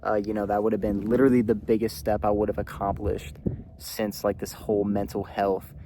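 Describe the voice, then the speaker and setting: A young man with a low, flat voice tells a personal story straight to camera. He rambles and leans on "like" constantly, open and unguarded. There is faint ambient noise behind him. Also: fairly quick. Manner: rambling, heavy use of filler "like", candid. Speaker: vlogger.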